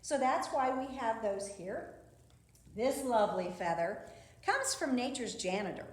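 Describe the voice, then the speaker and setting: A middle-aged woman, a park district program specialist, giving a gentle, chatty educational talk for children and talking softly to her pet doves. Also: on the high side, animated, unhurried. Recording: echoey room.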